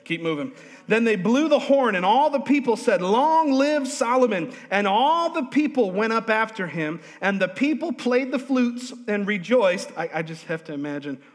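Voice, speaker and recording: A male pastor preaching a lively, humorous sermon in a church, drawing responses from the congregation. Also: sits high, normal speed, few pauses. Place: church sanctuary. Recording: long hall reverb.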